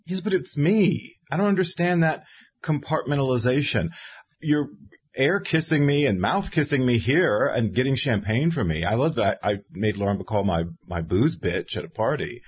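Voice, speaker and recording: In casual conversation, a man in his fifties, an interviewer and author, tells stories with animation and imitates the people he quotes. His voice is medium in pitch, a little fast and slightly rough. The recording sounds muffled.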